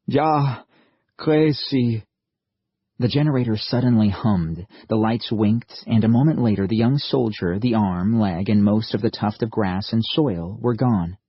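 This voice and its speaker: Low husky guy narrating an audiobook, slow and steady, dry lo-fi sound. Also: no echo. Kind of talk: scripted narration. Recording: slightly muffled lo-fi audio, dry.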